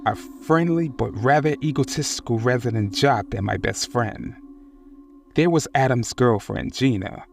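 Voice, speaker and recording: A man narrating a first-person horror story in a steady, scripted reading. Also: on the low side, vocal fry.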